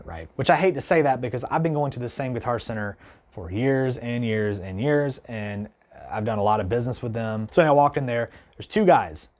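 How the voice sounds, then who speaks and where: A man vlogging casually to camera, telling an indignant story in a rambling way, full of "like" and "you know". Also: medium pitch. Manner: animated, indignant retelling with many restarts. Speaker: guitar vlogger.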